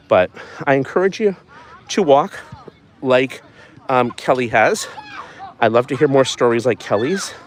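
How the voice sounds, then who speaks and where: A man's voice: medium pitch, a little hiss or hum. A man hosting a wellness live stream, talking casually and encouragingly while walking outdoors at a track at night, recorded on a phone. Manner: rambling, folksy, encouraging. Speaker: wellness channel host.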